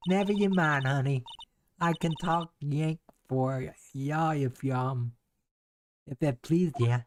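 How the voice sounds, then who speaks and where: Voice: mid-range voice, slow pace, slight background noise, close to an everyday voice. A streamer voicing a folksy, brash young woman photographer with a drawl while reading game dialogue aloud. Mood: friendly. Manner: drawling, boastful, chatty.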